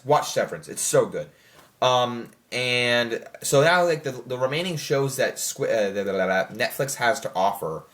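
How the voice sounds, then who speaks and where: A man's voice: medium pitch, a bit bright. A man giving a casual spoken review of a series, rambling with many fillers and restarts. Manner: rambling, filler-heavy, self-correcting. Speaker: show reviewer.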